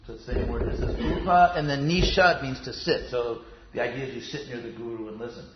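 A man gives a relaxed, wandering lecture on yoga philosophy, trailing off into asides and restarting his sentences. His voice sits in a middle pitch. The recording is roomy and a little muffled, as if taken in a classroom. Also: background noise. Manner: chatty, digressive, many fillers and restarts. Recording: roomy, dull sound.

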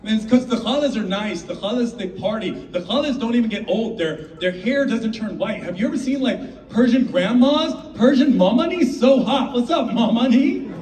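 A man doing a stand-up comedy set, animated and slipping into character voices. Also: extremely high pitch, moderate pace, few pauses, some chatter behind. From United States. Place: live comedy venue with audience. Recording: roomy live sound from a distant mic, audience noise.

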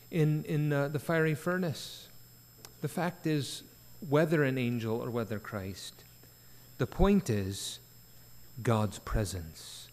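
A man's voice: a little high, a little mellow. A man preaching an earnest sermon at a church prayer meeting, rising to emphatic peaks. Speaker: pastor. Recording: church sanctuary with long reverb.

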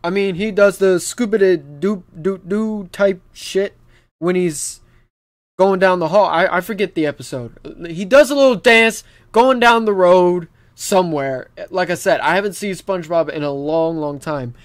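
A young man giving let's play commentary on a horror game, jittery, stammering and swearing, yelling when frightened. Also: sits high, unhurried, no room sound. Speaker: gaming YouTuber. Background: game music.

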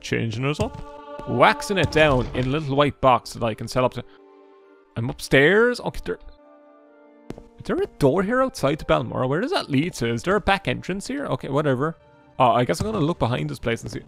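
A man's voice: a little high, big pitch swings, quick pace, vocal fry, a bit bright, faint music behind. A man casually commentating as he plays a video game, joking, swearing freely and chatting to the characters on screen. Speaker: gaming YouTuber. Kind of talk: casual Let's Play commentary.

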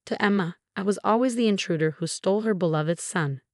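A woman narrating a first-person family drama story in a scripted, even and measured way. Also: medium pitch, no room sound, clean studio sound.

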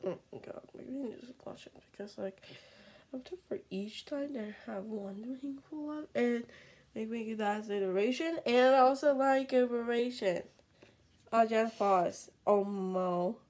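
A woman vlogging in casual, excitable chatter, pleading and dropping into whispers. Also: fairly high pitch, a little slow, poor audio.

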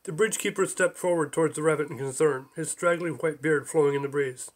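A man narrating his own book as an audiobook, in an even, measured reading. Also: fairly high pitch.

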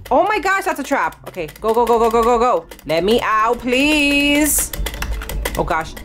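A woman hosting a gaming channel, giving excitable play-by-play commentary to herself with sudden shrieks. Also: on the high side, measured pace, faint music behind. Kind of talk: live gameplay commentary.

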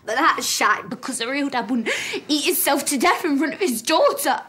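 A young pregnant woman in a TV comedy-drama, caring but blunt. Her voice sits high, and she speaks directly and earnestly. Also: expressive, normal speed, bright, forceful tone. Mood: tender.

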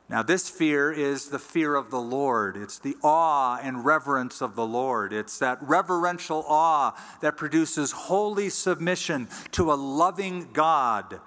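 A man preaching a sermon as pastor, teaching in a conversational way and reading scripture aloud slowly. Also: on the high side, pushed and bright, big-room sound. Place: church sanctuary.

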